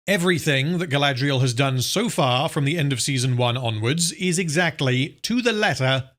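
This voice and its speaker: A man's voice: on the high side, fairly bright tone. Sardonic man reviewing a show. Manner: sardonic, scathing, profane. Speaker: film reviewer. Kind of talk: scripted review narration.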